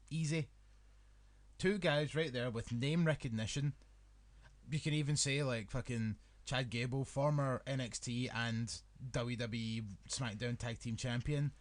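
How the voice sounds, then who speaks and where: A man's voice: medium pitch, measured pace. A young Scottish man co-hosting a podcast in loose, casual banter. He rambles and swears, and he fills his talk with "like" and "um.". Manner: rambling, swearing, filler-heavy. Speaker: podcast co-host.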